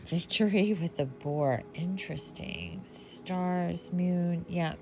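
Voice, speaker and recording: A sleepy woman casually commenting on tarot cards as she unboxes a deck, relaxed and trailing off as she goes. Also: on the low side, slow pace, few pauses, a little hiss or hum. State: sleepy, yawning.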